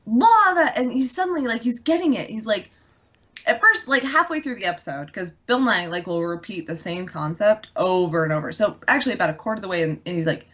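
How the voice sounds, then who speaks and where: A young adult woman co-hosting a podcast, chatting casually and telling an animated story, swearing freely and acting out the dialogue. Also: medium pitch, fast talker. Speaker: podcast co-host. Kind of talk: casual chat.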